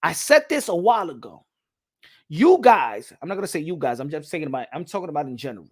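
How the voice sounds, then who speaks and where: A boxing commentator talks about the sport casually in a fairly high, slightly rough male voice at a fast clip. He's animated and repeats himself a lot, hyping up his viewers and teasing them.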